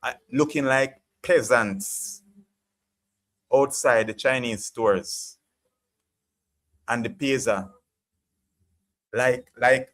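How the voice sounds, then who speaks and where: A man from Jamaica, speaking with a Jamaican accent in a mid-range, slightly bright voice, draws out his words and leaves long pauses. He's hosting a live chat stream and ranting passionately through an opinionated monologue, repeatedly saying "you get what I'm saying."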